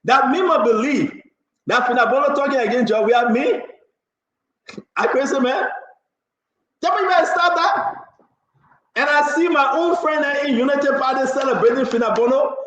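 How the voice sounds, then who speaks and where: A man hosting a political talk show, excitable and mocking, laughing often and repeating his words. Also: very high-pitched, normal speed, pauses often. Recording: roomy, dull lo-fi sound.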